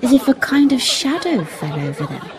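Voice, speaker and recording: A woman's voice: high-pitched, very animated, a crowd in the background. An actress playing a reflective young woman in her twenties, a budding writer, in a radio play. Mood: earnest. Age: 20s. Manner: reflective, then brisk and bossy organizing games. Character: Kay, young woman writer, thoughtful and lively.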